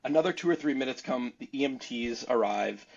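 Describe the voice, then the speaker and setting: A man's voice: medium pitch, a little fast, vocal fry, slightly rough. A man on a podcast telling a story casually and animatedly, rambling and laughing between lines. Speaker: podcast guest. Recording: dull lo-fi sound.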